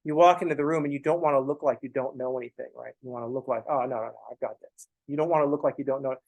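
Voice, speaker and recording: A man's voice: mid-range voice, fairly even intonation, rapid-fire, darkish tone, rough recording. A young man teaching a college math class in a casual, blunt way, swearing freely and making joking asides to his students. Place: classroom, also streamed online.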